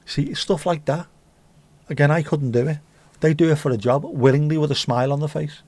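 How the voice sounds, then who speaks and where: A man's voice: fairly high pitch, fairly even intonation, a little fast, a little mellow, no echo. A man hosting a casual livestream chat, bantering crudely and swearing often. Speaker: livestream host.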